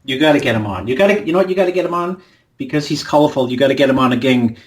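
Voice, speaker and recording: Man, radio co-host, mid-pitched voice, insistent, repeats phrases, casual chat. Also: expressive, very fast.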